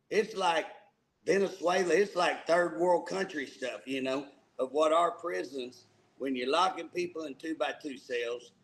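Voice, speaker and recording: A man's voice: fairly high pitch, low-quality recording. A man co-hosting a casual political talk show, folksy and emphatic, often repeating words as he starts a thought. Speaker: co-host.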